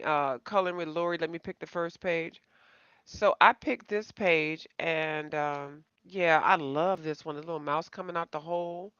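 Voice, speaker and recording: Bright, rambling woman chatting to viewers. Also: on the low side, clean tone, no room sound. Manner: self-deprecating. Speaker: coloring channel host. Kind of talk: casual live-stream chat. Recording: slightly dull, dry home recording.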